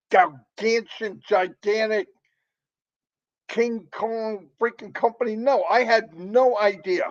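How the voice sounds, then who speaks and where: Excitable high-voiced man. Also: highs cut off. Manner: emphatic, excitable, repeats himself. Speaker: motivational speaker. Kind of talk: impassioned motivational talk.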